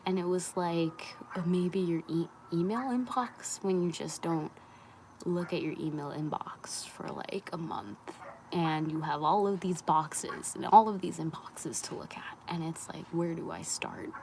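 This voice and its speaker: A young woman, a spiritual wellness creator, talking candidly on a live stream in a soft, often half-whispered, rambling way. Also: fairly low pitch, unhurried, slight background noise, rough recording.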